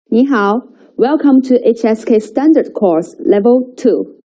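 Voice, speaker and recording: A woman teaching a Chinese language lesson, explaining in a measured way and slowly and carefully reading out example words for students to repeat. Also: a little high, expressive, dark tone, low-quality recording. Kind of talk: language lesson with read-aloud drills.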